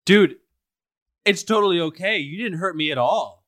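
A kind young adventurer speaks gently and reassuringly to a friend, played by a man in a tabletop game. His voice sits slightly high. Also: lively intonation, normal speed. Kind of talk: in-character tabletop role-play.

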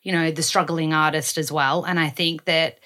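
A woman's voice: deep voice, steady tone, moderate pace, bright, forceful tone. A woman hosting a podcast in casual, chatty, enthusiastic conversation. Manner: chatty, enthusiastic, laughing easily. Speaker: podcast host. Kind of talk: casual chat.

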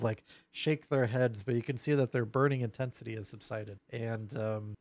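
A man running a tabletop game, narrating at an unhurried pace with many fillers and restarts. His voice is dry and close, with no room around it. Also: medium pitch, dry recording. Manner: casual and halting, full of fillers. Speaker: game master.

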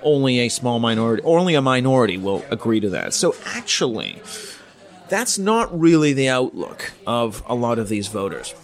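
This middle-aged Canadian man, a politics professor, sounds very animated at a medium pitch as he answers interview questions. Still, he explains in a measured way, thinking aloud with fillers and restarts.

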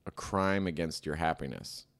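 A man's voice: extremely low pitch, animated, moderate pace, vocal fry, a bit bright. A man co-hosting a comedy podcast, rambling in casual banter and filling his talk with "like" and "you know". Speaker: podcast co-host.

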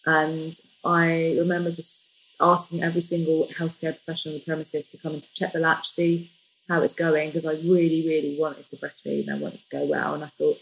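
A woman tells a personal story in a casual, animated way, slipping in jokes as she goes. Her voice sits a little low for a woman. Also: a little fast, slight background noise, rough recording. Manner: lively, jokey, animated retelling. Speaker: guest.

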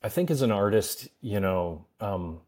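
Canadian guest actor, low voice, easygoing and self-deprecating, quick to laugh. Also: male voice, lively intonation, darkish tone. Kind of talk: casual interview chat.

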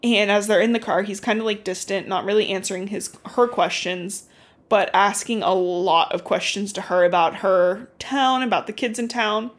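A young woman co-hosting a podcast, casually recapping a book as an animated storyteller who swears and uses lots of fillers. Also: medium pitch, moderate pace. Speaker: podcast co-host.

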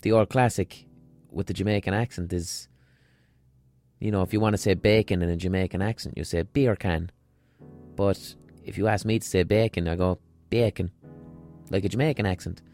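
A man's voice: deep voice, fairly even intonation, a little fast, darkish tone, soft background music. A man with a Munster Irish accent, hosting a podcast in a blunt, emphatic monologue and swearing freely. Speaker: podcast host.

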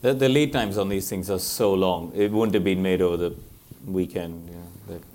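Lower-voiced man telling lively stories. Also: moderate pace. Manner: animated storytelling, laughs often. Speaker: former racing driver speaking on a panel. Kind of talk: live panel talk, anecdotal.

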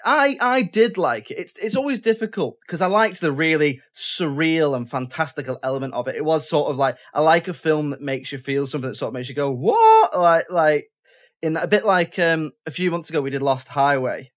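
A man's voice: on the high side, a little fast, hardly any pauses. A man hosting a casual film discussion, chatty and given to restarting his sentences. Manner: chatty, self-interrupting, with frequent restarts. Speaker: podcast host.

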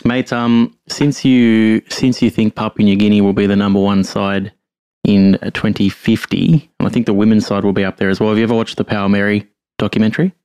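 Low-voiced, dry co-host. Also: male voice, little pitch movement, a little fast, a little mellow, clean tone, no room sound. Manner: upbeat, matey, swears freely. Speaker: podcast co-host. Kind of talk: casual podcast chat.

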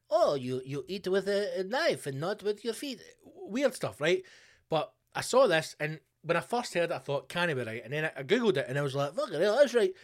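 A Scottish man hosting a solo podcast, ranting casually with plenty of swearing. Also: a little high. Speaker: podcast host.

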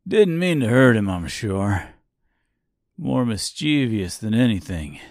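A man's voice: fairly low pitch, big pitch swings, takes it slowly, darkish tone, no room sound, clean studio sound, exaggerated voice. A man voicing a sly, bitter male tin man who mocks, swears and laughs to himself, in an audiobook reading. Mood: gleeful. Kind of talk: audiobook character voice.

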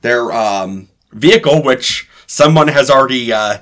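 A man's voice: mid-range voice, unhurried, fairly bright tone. A man recapping the last session as game master, in a loose, hesitant way with fillers.

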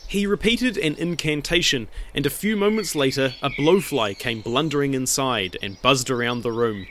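A man telling a dramatic retelling of a legend in measured, deliberate narration. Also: mid-range voice, fairly bright tone, slight background noise. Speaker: storyteller.

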